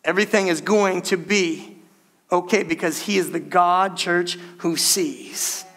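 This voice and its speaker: A middle-aged man preaching a sermon, retelling a story with lively asides and calling out to the congregation as "church". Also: sits high, unhurried. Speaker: pastor.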